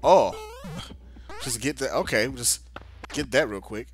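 A young man's mid-range voice moves a little slowly as he casually talks through a video game over game music. The let's-play gamer is chatty, keeps muttering exasperatedly to himself, and has a playful drawl.

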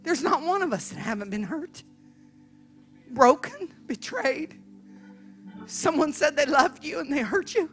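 A woman evangelist preaching through a personal story, with a high, bright voice that rises and falls widely. She drops to a hush, then breaks into emphatic shouts. Soft music plays faintly behind her. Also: animated, unhurried, pauses often. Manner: dramatic, emphatic, bursts into shouting. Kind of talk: storytelling sermon.

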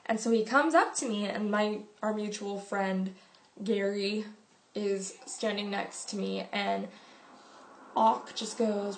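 A teenage girl telling a story to her viewers in a chatty vlog, full of "like" and "um" and quick giggles. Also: mid-range voice, fairly even intonation, slight background noise. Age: teens. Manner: chatty, filler-heavy, giggly. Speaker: vlogger.

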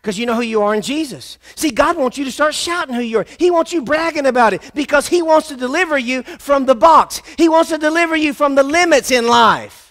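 Pastor, male, very high and bright-toned, emphatic sermon with call-and-response. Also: brisk, hardly any pauses. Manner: emphatic, repetitive, calls on the congregation to respond. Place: church.

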